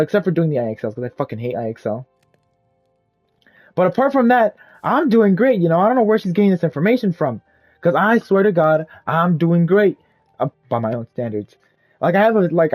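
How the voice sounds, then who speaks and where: A man's voice: fairly high pitch, darkish tone. A young man telling a rambling, profane, self-deprecating story casually while playing a game. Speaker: gaming YouTuber. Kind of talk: casual storytime over gameplay.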